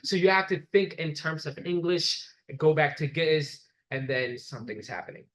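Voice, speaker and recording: A man lectures a live class in a slightly high voice. He explains patiently, step by step. He repeats his examples so everyone can follow. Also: moderate pace, fairly bright tone, low-quality recording.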